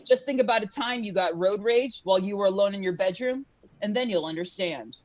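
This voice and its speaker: A woman doing a stand-up set of deadpan one-liners over a live stream from home, often laughing at her own jokes. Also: medium pitch, a little fast. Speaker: stand-up comedian.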